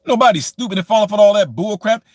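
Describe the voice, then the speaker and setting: A man's voice: high-pitched, lively intonation, fast, a little mellow, no echo, studio quality. A man delivering a combative, mocking political rant as a commentary vlogger from the United States, repeating his points with scorn. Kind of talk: ranting opinion monologue.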